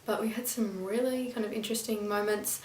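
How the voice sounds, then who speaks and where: A woman's voice: mid-range voice, steady tone, a little fast, far from the mic, a little hiss or hum. Chatty woman, echoey room, off-mic. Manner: rambling, exasperated, stumbles over names. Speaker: video reviewer. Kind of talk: casual review vlog.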